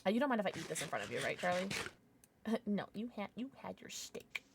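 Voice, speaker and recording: A woman streaming a game live, chatting with her viewers in an excitable, gushing way with frequent squeals. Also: mid-range voice, fast talker, vocal fry, noisy background.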